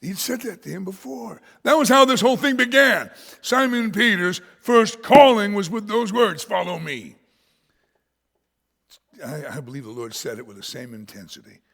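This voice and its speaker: A male pastor preaching a sermon, swinging from shouts to whispers and laughing often. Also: medium pitch, vocal fry, slightly rough, in a large hall. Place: church sanctuary.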